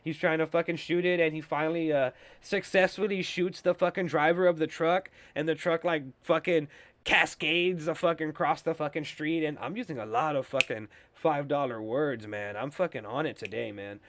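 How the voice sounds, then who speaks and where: A man's voice: fairly high pitch, moderate pace, a bit bright, slight background noise. A young man hosting a show, recapping TV episodes in a loose, rambling, swear-heavy casual style full of fillers. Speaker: show host reviewing TV episodes.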